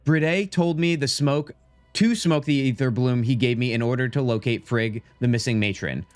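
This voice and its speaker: Excitable young man streaming a game. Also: medium pitch, normal speed, dry recording. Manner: excitable, chatty, talks to chat, says "dude" often. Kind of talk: live gameplay commentary.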